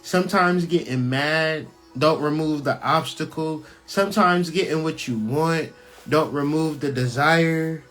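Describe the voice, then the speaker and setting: Repetition is this man's main tool: he repeats phrases and slows on important words as he gives frank, cursing spiritual commentary on a scripture reading for his own channel. His voice is fairly high-pitched with a fairly bright tone, delivered in a preacher's emphatic style.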